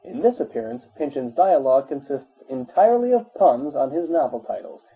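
A man reading an encyclopedia article aloud in a measured, even way. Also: fairly high pitch, husky, muffled recording. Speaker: narrator.

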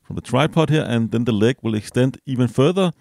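A man casually reviewing a small gadget as he unboxes it, relaxed and hesitant, with fillers and self-corrections. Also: medium pitch, a little fast, vocal fry, dry recording, clean studio sound. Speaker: product reviewer.

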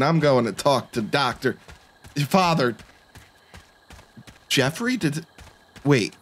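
Joking, animated young male gamer. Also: mid-range voice, slow, long pauses. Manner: joking, self-deprecating, excitable. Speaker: gaming YouTuber. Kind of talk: let's-play commentary.

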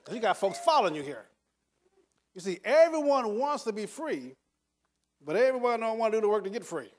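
A man's voice: high voice, big pitch swings, a little fast. An older man giving a motivational talk to an audience, speaking emphatically, repeating words and chuckling through his stories. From United States.

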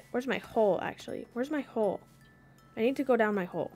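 A woman streamer chatting her way through a video game, her voice sitting a little high. She talks loosely and swears freely, and at times breaks into loud, panicked yelling. Faint game music plays underneath. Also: quick pace. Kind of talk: casual gaming commentary.

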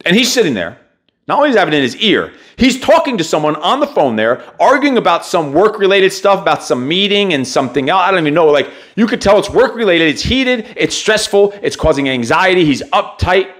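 A man delivers a motivational podcast monologue in a blunt, forceful rant full of swearing. His speaking voice sits somewhat higher than most men's. He hammers his points home with emphatic repetition. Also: big pitch swings, a little fast. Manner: blunt, heavily profane, emphatic ranting. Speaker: podcast host.

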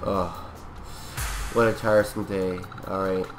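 A man's voice: low-pitched, level tone, measured pace, music in the background. A man giving goofy, rambling gameplay commentary, playing along in character with mock-serious speeches. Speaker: gameplay video creator.

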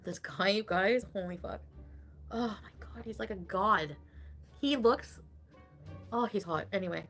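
A woman's voice: mid-range voice, a little slow, fairly bright tone, soft background music. A woman streamer in casual livestream chat, gossiping with lots of giggles, swearing and "like" fillers. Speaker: online streamer.

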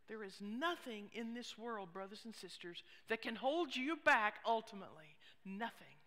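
A woman pastor preaching a sermon, expressive, with hushed asides. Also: mid-range voice, moderate pace, few pauses. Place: church sanctuary. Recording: long reverb of a church hall.

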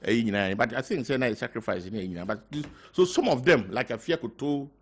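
Older man, Ghanaian accent, halting speech, mixes local words, talk show guest. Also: medium pitch, lively intonation. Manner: halting, mixing in local words, growing loud when telling a story. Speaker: guest party member. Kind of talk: casual talk show interview.

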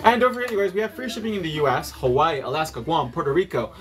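A man's voice: a little high, fast, a crowd in the background. A man hosting a live online sale, chatting in a sassy, playful way as he reads out orders. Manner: sassy and playful, banters while reading out orders. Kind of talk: casual live-stream chat. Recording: noisy room with clicks.

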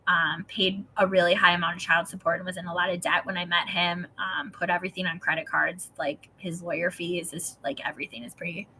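A woman's voice: on the low side, level tone, brisk, few pauses, pushed and bright, slight background noise. A woman in her thirties telling a personal story in a chatty way, full of "like", swearing and acted-out quotes, then reading from a book. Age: 30s. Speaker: host reading and discussing a self-help book.

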